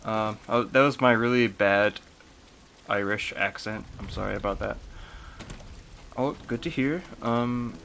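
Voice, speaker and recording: A man's voice: on the low side, measured pace, long pauses, fairly bright tone. A man streaming a video game, chatting casually and goofily with viewers and laughing often. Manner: giggly and goofy, laughs often. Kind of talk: casual live-stream chat while gaming. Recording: clear background noise.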